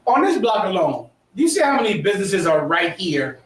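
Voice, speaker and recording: Very animated and brisk, this high-voiced history teacher lectures with emphasis and a preachy edge, firing questions at the class. The mic sits far off in an echoey room.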